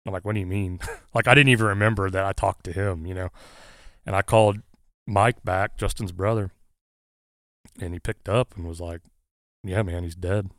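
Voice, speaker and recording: A firefighter, telling a personal story in casual conversation, pausing often with fillers. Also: male voice, low-pitched, steady tone, no room sound, studio quality. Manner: halting, many "uh" fillers, earnest. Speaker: guest, firefighter.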